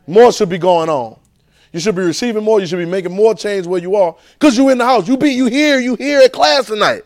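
This high-pitched man preaches a little fast to a class at a church training center. His sermon is animated and repetitive, full of rapid-fire rhetorical questions.

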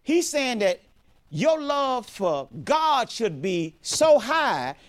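Middle-aged preacher guy, high and swooping voice, keeps restarting and hammering his points. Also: big pitch swings, very slow. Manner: emphatic, repetitive preaching with many restarts. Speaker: pastor. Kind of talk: sermon.

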